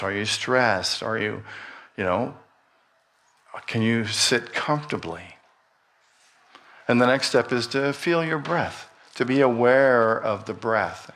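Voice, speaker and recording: A middle-aged man giving a sermon in a church, guiding a meditation gently and unhurriedly with light humor. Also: medium pitch. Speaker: minister. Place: church sanctuary.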